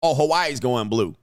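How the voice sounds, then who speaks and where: A young man hosts a casual live stream, thinking out loud with a quick, excitable delivery. His voice sits at a middle pitch and sounds dry and close, with little room sound around it. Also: clean tone, no echo. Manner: thinks aloud, excitable, laughs often. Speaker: livestream host.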